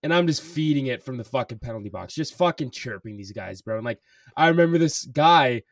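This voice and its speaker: A man's voice: mid-range voice, expressive, fairly quick, dry recording, recorded from a distance. Young guy podcast host, talks all slangy, "bro" this "like" that, lots of swearing, dry close mic. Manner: swears a lot, says "bro" and "like" constantly. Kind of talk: casual storytelling chat.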